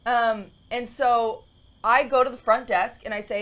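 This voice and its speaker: A woman's voice: on the high side, steady tone, measured pace, fairly bright tone. A woman in her twenties co-hosting a podcast, telling a long story in a rambling, emotional way full of fillers and restarts. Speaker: podcast co-host. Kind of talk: casual storytelling chat.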